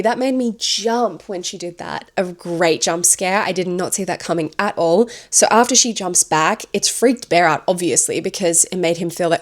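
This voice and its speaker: A woman's voice: lowish voice, normal speed, few pauses. A woman reviewing a horror film, chatting enthusiastically as she retells its plot scene by scene.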